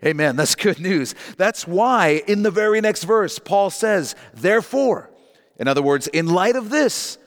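Pastor preaching in a reverberant church. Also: male voice, animated. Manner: emphatic, rising pitch on key points, slows to read scripture. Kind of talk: sermon. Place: church sanctuary. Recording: long hall reverb.

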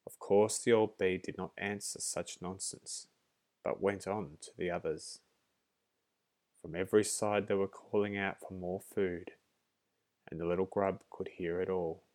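A man reading a children's fairy tale aloud as narrator, measured and gentle. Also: low-pitched, steady tone. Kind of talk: storybook reading.

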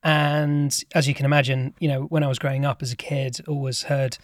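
A man who is a company chairman, telling his story as a podcast guest in relaxed, self-deprecating chat. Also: mid-range voice, brisk, no echo, studio quality. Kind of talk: casual interview chat.

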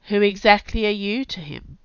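A woman with a cold voicing a stern, poised older witch who speaks in a brisk, businesslike way. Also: medium pitch, fairly bright tone, smooth, no echo, voice pushed up, close to an everyday voice. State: has a cold. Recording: dull, dry audio.

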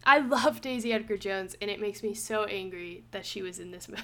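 A young woman hosting a casual book review podcast, animated and quick to laugh, with lots of "like" fillers. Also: mid-range voice. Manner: animated, laughs often, says "like" a lot. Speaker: podcast host.

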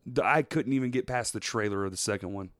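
A podcast co-host tells stories in casual chat, swearing freely and laughing often. His voice sits on the low side, fast and fairly bright, recorded at studio quality with no room sound.

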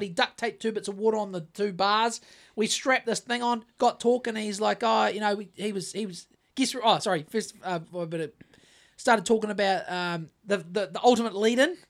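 A man's voice: high-pitched, a little fast, vocal fry, fairly bright tone. A man with a New Zealand accent co-hosting a podcast in casual chat, rambling and swearing, with many restarts. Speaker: podcast co-host.

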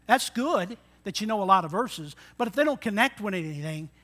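A man in his sixties delivers a sermon with a lively preaching style. His voice sits high and sounds bright and forceful, rising on emphatic lines and dropping low for asides. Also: a little fast. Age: 60s. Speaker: pastor.

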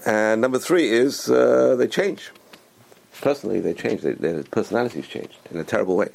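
A man's voice: on the low side, animated, fairly quick, vocal fry, a little mellow. A man giving a spoken religious talk as a teacher, enthusiastic and repeating words for emphasis.

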